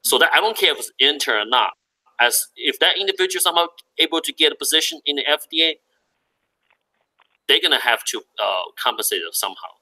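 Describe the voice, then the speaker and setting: A man in casual discussion, talking haltingly with many fillers as he searches for words. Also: a little high, lively intonation, sharp tone, poor audio.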